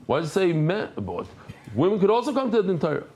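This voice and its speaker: A very animated man with a high-pitched voice races quickly through his daily Talmud class. He reads the Aramaic text, explains it in English, and drops into softer storytelling.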